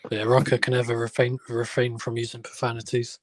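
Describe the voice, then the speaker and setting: A man's voice: mid-range voice, completely flat delivery, brisk, no room sound. A man with a Welsh accent in a casual group chat, laid-back and wry.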